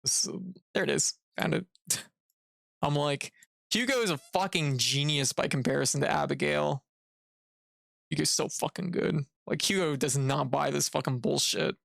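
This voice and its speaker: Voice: medium pitch, normal speed, creaky, fairly bright tone, dry recording, studio quality. A livestreamer from Canada, casually commenting on gameplay while ranting in an exasperated, profane way. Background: video game music.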